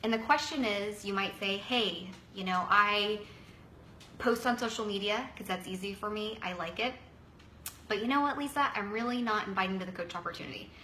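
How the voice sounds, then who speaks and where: A woman in her thirties giving a chatty, energetic motivational coaching talk, acting out quotes in a higher voice. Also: normal speed, echoey room, a little hiss or hum, poor audio. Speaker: wellness coach.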